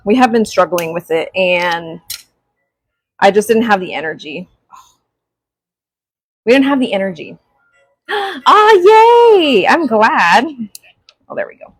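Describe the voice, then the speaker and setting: A young woman chatting on a craft livestream, greeting viewers with excited gasps. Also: fairly low pitch, a little slow, pauses often, poor audio. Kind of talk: casual livestream chat. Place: craft workspace at home. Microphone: small clip-on mic.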